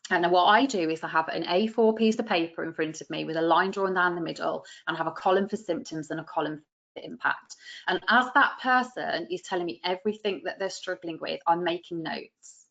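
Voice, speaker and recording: A woman's voice: on the low side, brisk, gravelly, a bit bright. A British woman teaching a masterclass for practitioners, chatty and coaching, acting out client voices as she explains. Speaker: business coach for nutritionists. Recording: muffled lo-fi audio.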